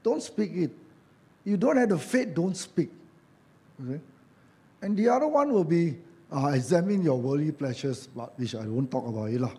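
Joking Malaysian preacher man, lively. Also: a little high, moderate pace, pauses often. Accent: Malaysian English. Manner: conversational and joking, acts out quoted voices, tag questions. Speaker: church elder preaching. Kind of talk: sermon.

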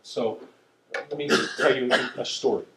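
A man's voice: medium pitch, unhurried, fairly bright tone. A man preaching a sermon in a conversational way, often checking in with "okay?". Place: church sanctuary. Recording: echoey room.

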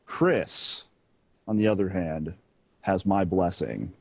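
A man playing a gruff, insulting middle-aged father on a prank call, blustering and stammering. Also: low voice, slow, a little mellow, no echo, exaggerated voice. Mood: dismissive. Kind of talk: prank call role-play.

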